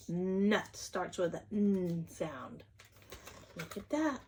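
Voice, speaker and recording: A woman reads an alphabet book to small children at an unhurried pace, stretching out letter sounds one by one. Her voice rises and falls in a lively, sing-song way, with little gasps of surprise as each flap opens. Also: mid-range voice. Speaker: children's read-aloud host.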